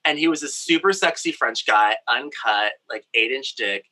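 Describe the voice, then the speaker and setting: Bright-voiced man telling a campy story. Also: mid-range voice, animated, moderate pace, poor audio. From Brazil. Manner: campy, candid, playful. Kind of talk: personal storytelling. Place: home craft studio in a shed.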